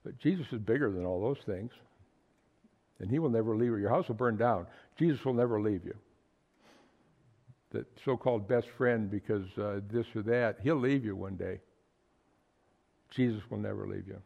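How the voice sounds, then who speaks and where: A man's voice: fairly low pitch, moderate pace, vocal fry, pauses often, dull audio. A man preaching a sermon to a small fellowship, earnest and emphatic, often repeating words for stress. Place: small fellowship meeting room.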